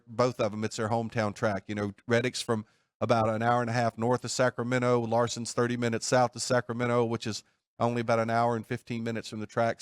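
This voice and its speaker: A man hosting a sports betting talk show from a studio, talking in a steady, methodical way. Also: medium pitch, clean tone, no echo. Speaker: host.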